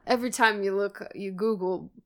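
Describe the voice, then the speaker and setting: A woman's voice: mid-range voice, steady tone, a little fast, fairly bright tone. A young woman co-hosting a podcast, chatting casually and gushing with giggles, swearing now and then. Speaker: podcast co-host. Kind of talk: casual chat.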